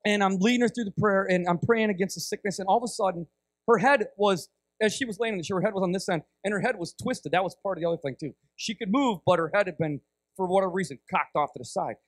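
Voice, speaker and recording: High-pitched guy preaching a story, super animated, keeps saying right?, dry mic. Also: fast talker, no room sound. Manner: animated storyteller, acts out voices, frequent "right?". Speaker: guest preacher. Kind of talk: storytelling sermon.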